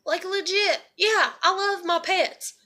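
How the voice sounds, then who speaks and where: A woman's voice: very high voice, fairly even intonation, slow pace, pushed and bright. A young woman and single mother venting in a rambling, profane personal monologue.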